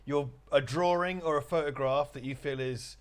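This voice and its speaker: A man's voice: on the high side, moderate pace, clear, resonant tone. A man hosting a livestream, reading viewer comments aloud and joking around casually. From England. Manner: jokey, reads questions aloud. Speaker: host.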